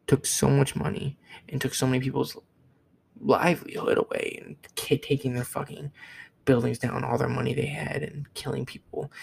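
A man's voice: mid-range voice, creaky, darkish tone, a little hiss or hum, rough recording. A young man from the United States giving a blunt, profane opinion rant to camera, repeating himself as he talks. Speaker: vlogger.

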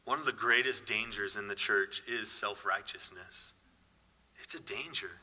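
Male pastor, earnest conversational sermon delivery, very bright and forceful tone, long reverb of a church hall. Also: lowish voice, measured pace, slightly rough. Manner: earnest, conversational preaching with restarts and emphatic repetition.

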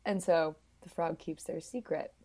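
A podcast co-host recaps a film in casual, playful conversation, acting out characters in silly voices. Her voice is deep, warm and steady with a breathy edge, and she speaks a little slowly.

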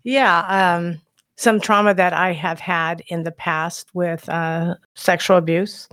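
A woman telling a personal faith story in a soft, emotional way, during a conversation. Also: fairly low pitch, fairly even intonation, takes it slowly, dry recording, studio quality.

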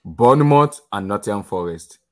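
Low, lively man ranting about football. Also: moderate pace. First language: Arabic. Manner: animated, mocking rants. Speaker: football pundit. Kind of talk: casual podcast chat.

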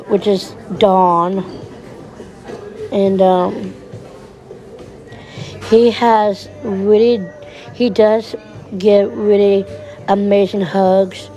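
A woman talking in a personal podcast monologue, halting and repeating herself, her voice breaking and teary. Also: mid-range voice, mellow, poor audio.

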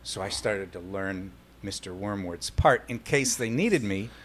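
Playful co-host with a lively voice. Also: male voice, lowish voice, a little slow. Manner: playful, jokey. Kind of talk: casual interview.

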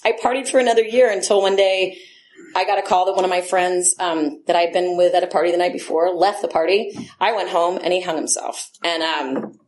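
A woman's voice: lowish voice, steady tone, fairly quick, a little mellow. Blunt, laughing woman in her forties. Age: 40s. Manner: blunt, profane, laughing often. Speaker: AA meeting speaker. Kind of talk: candid personal recovery share. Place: meeting room. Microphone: handheld microphone.

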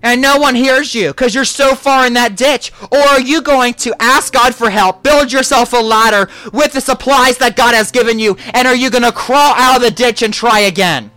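A pastor preaching a sermon in repeated, declaring lines that rise to shouts. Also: mid-range voice, moderate pace, hardly any pauses, no room sound, faint music behind.

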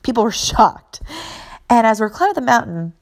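A woman's voice: a little high, very animated, moderate pace. A woman who is a mother and fitness coach, telling a motivational story in an earnest, emphatic way and repeating key phrases.

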